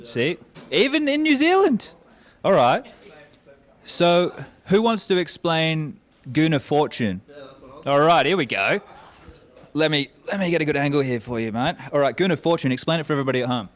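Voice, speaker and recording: A man's voice: on the high side, expressive, a little fast. A man hosting casual, joking interviews with players at an event. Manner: joking, teasing, playful. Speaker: host.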